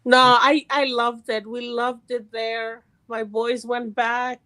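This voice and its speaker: A middle-aged woman from California calling in to chat, animated and quick to laugh, with many restarts. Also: a little high, poor audio. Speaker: caller. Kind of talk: casual call-in chat.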